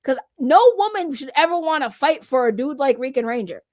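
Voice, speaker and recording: A woman's voice: high voice, expressive, fairly quick, a little mellow, no room sound, studio quality. A woman streamer talking in a blunt, profane way and mocking others' words in heated casual talk.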